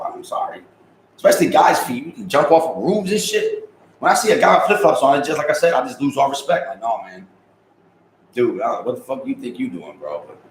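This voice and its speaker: A man's voice: a little high, reverberant, a little hiss or hum, poor audio. A man in his thirties chatting casually on a livestream, reading viewer comments and joking in loose, profane street slang. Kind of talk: casual live-stream chat.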